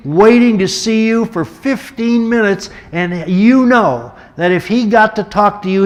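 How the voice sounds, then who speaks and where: A man's voice: high voice, pitched above the performer's own voice. A man voicing an earnest middle-aged male friend who pleads emphatically with someone close to him.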